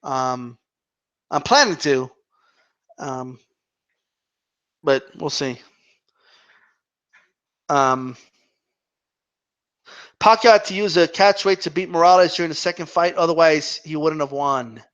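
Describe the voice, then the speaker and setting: A man with a high voice hosts a casual live Q&A stream. He rambles loosely and swears freely, and the sound is dull and lo-fi. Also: takes it slowly, pauses often, fairly bright tone, clear, resonant tone. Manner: rambling and profane.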